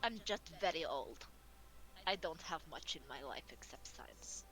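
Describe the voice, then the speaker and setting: Player voicing a prim, bright-toned old scientist. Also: mid-range voice, lively intonation, a little slow, soft background music, voice pushed down, poor audio. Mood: matter-of-fact. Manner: formal, stiff phrasing without contractions. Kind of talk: in-character tabletop role-play.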